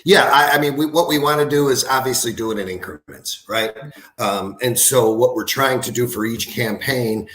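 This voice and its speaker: A man as a podcast guest explaining his work, halting and repeating words. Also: medium pitch, a bit bright, reverberant. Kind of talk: casual interview.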